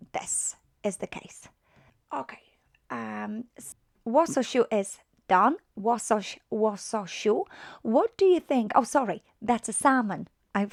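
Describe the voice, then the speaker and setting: Slow, patient woman teacher. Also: on the high side, no echo, clean studio sound. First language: Polish. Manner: patient, explains step by step with many fillers; checks in often with "right?". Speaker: language teacher. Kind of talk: online language lesson.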